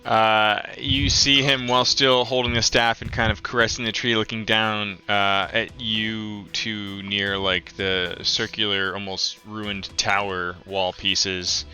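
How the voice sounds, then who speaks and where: A man narrating and explaining rules as game master of a tabletop game, with many pauses and fillers. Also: lowish voice, flat delivery, sharp tone, faint music behind. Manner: halting, filler-heavy explaining.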